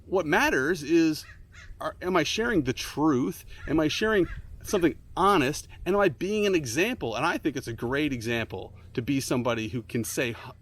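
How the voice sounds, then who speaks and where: Earnest, animated male ministry speaker. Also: normal speed. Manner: earnest storytelling, frequent restarts and fillers; emphatic, rising to urgent high points. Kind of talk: casual devotional talk.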